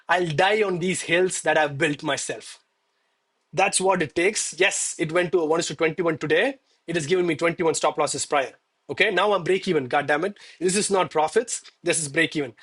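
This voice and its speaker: A man with a fairly high, husky voice talks straight to his stream viewers. He is emphatic and preachy, repeating himself to drive the point home, and openly lets himself get emotional. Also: a bit bright. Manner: emotional, admits getting worked up. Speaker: live-streaming gold trader. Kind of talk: live trading stream talk.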